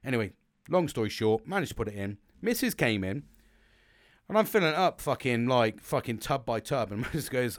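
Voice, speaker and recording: A man's voice: mid-range voice, expressive, brisk, no echo, studio quality. A man hosting a podcast, telling a rambling, sweary story in a casual monologue. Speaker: podcast host.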